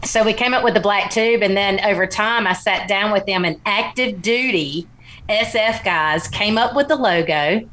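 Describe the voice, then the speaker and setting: A woman's voice: medium pitch, moderate pace, a bit bright. A woman, a small-business founder, talking eagerly and upbeat as an interview guest. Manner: upbeat and eager, laughs easily. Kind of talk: casual interview talk.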